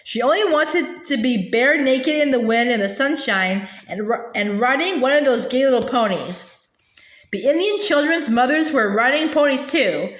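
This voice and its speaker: A woman reading a children's novel aloud gently, with small restarts now and then. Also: sits high, lively intonation, moderate pace, echoey room. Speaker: storybook reader.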